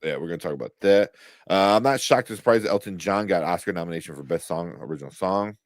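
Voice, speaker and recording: A man's voice: sits low, animated, quick pace, no room sound, studio quality. A man co-hosting a casual movie talk show, rambling with many fillers and restarts. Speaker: podcast co-host. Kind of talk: casual chat.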